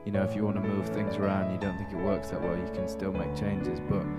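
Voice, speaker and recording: Low-voiced young man, loud guitar behind. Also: level tone, fast talker. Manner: thoughtful, rambling with fillers. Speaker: interviewee. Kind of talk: casual press interview. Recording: loud music over voice. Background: loud guitar music.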